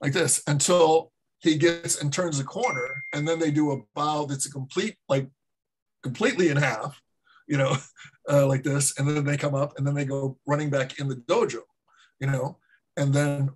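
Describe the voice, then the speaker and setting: Middle-aged male martial arts teacher, husky voice, loose meandering storyteller. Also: a little high, steady tone, moderate pace, poor audio. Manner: rambling, many fillers and restarts. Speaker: martial arts instructor and guest. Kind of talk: casual anecdote storytelling.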